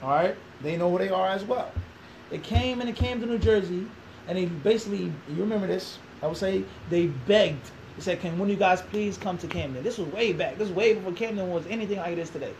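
A man telling a long story as an interview guest, animated, acting out quoted dialogue and throwing in rhetorical questions. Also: high voice, fast, slight background noise, poor audio.

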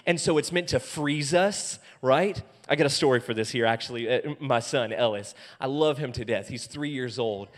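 A man preaching as pastor in a church, animated and acting out quoted voices, often soft and then loud. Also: medium pitch, moderate pace, hardly any pauses. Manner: animated, acts out quoted voices with big swings in loudness. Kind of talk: sermon. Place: church auditorium. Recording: long hall reverb.

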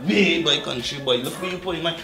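A pushy Trinidadian street man, played by a man barks repeated orders in a fairly high voice. The sound rings off hard surfaces outdoors, with a crowd and sirens behind him. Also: fast talker, reverberant, lightly acted. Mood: angry. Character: streetwise man fetching his brother, urgent.

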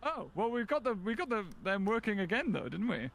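A man chatting excitedly with friends over a voice call while playing a game, playful and teasing. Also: high-pitched, brisk, gravelly. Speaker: gaming co-player. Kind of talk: casual gaming chat over voice call.

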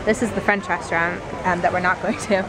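A woman's voice: fairly low pitch, steady tone, quick pace, very noisy. A young woman chatting casually and playfully for her vlog, often giggling. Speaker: vlogger.

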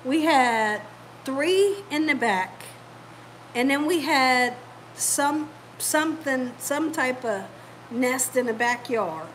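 Hosting a cooking video at home, a woman chats to her viewers from the kitchen like she's telling a story. Her voice is high, animated, slow, and fairly bright, and the low-quality recording has slight background noise.

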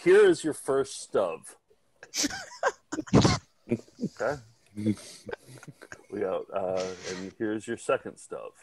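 A man co-hosting a comedy video podcast in casual chat, with jokey, self-mocking, deadpan patter. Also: lowish voice, slow, pauses often, heavy background noise. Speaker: podcast co-host.

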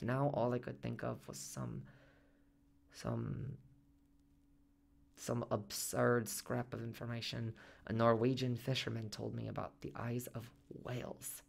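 A man's voice: medium pitch, gravelly, lightly acted. A man narrating a radio drama monologue as its main character, reflective and self-reproaching.

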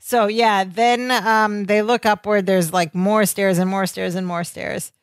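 A woman's voice: mid-range voice, fairly even intonation, measured pace, clean tone, no room sound. A woman co-hosting a podcast, chatting casually and retelling sitcom scenes with quoted lines. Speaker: podcast co-host. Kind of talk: casual chat recapping a sitcom episode.

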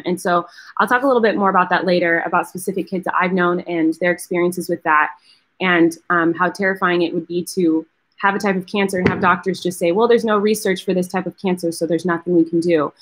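A woman's voice: lowish voice, fairly even intonation, a little fast, a bit bright. A woman hosting a live charity fundraiser, talking casually and earnestly to viewers and thanking donors. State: tearful, close to crying. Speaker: host of a charity fundraiser livestream.

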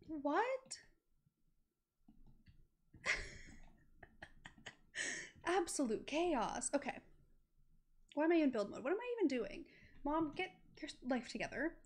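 A young woman streamer giving giggly, chatty gameplay commentary, often cooing over the characters on screen. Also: high-pitched.

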